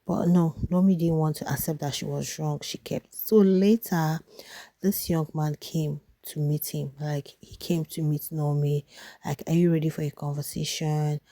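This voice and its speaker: A young woman with a Nigerian accent talks in a low, warm voice, recapping the drama for her viewers. Her delivery is chatty and gossipy. The sound is dry and close. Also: fairly even intonation, a little slow, no echo. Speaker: reality show commentator. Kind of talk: casual reaction vlog.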